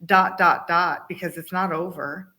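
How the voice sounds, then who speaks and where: A woman guest telling personal stories in a casual interview, with a humorous, animated way of talking. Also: lowish voice, a little slow. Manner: storytelling, acts out quoted voices, uses humor.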